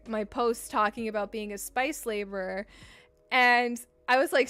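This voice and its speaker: Smooth-voiced woman chatting with her stream. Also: a little high, unhurried, fairly bright tone. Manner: chatty and playful. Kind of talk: casual chat with stream viewers.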